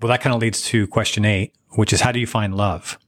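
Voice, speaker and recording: A man's voice: lowish voice, steady tone, a little fast, a bit bright. A man hosting an interview, reading out numbered questions and giving short agreeing replies. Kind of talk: casual interview chat.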